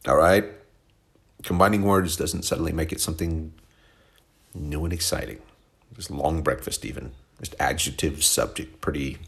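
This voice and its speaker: A radio show host from Oklahoma, USA, speaks in an extremely low, creaky, slightly bright voice at a moderate pace, pausing often. In a casual monologue, he introduces songs on his music show, rambling, wry, and correcting himself.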